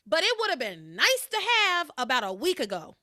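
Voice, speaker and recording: A woman hosting a podcast, recapping in casual chat and acting out quoted lines with big jumps in pitch. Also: huge pitch swings, a little fast, sharp tone, no room sound, studio quality. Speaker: podcast host.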